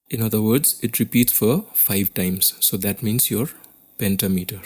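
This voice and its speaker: A man's voice: lowish voice, moderate pace, darkish tone, slightly rough. A man with an Indian English accent teaching a class lesson on poetry, explaining step by step and often checking in with "okay?".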